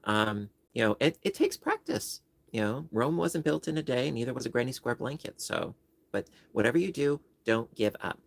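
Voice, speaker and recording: A man with a medium-pitched, gravelly voice hosts a crochet livestream from his home setup, talking at a normal speed. He chats casually with viewers and explains stitches step by step, with no room sound in the audio.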